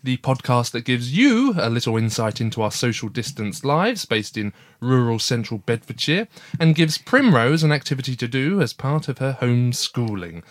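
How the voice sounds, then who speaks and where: A man's voice: medium pitch, big pitch swings, normal speed, no room sound. A man hosting a casual family podcast from a garden shed office, chatty and encouraging as he prompts his young daughter. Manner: chatty, encouraging, gently teasing. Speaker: podcast host, father.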